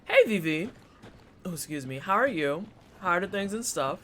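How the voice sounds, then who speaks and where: A man's voice: high-pitched, sing-song, moderate pace. Chatty streamer man over noisy background. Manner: chatty, reacts aloud and talks to chat. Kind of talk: casual gameplay commentary. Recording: clear background noise.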